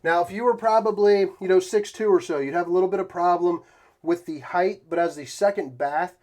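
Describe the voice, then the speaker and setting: A man hosting a casual walkthrough tour inside an RV, talking in a folksy, joking way with relaxed slang. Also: high-pitched, a little fast. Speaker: RV tour host.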